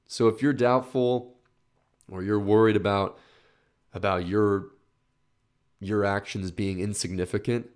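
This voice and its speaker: A man hosting his own solo podcast in a casual, rambling way, swearing freely and laughing at himself as he gets fired up. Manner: rambling with restarts, excited rises in pitch. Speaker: podcast host.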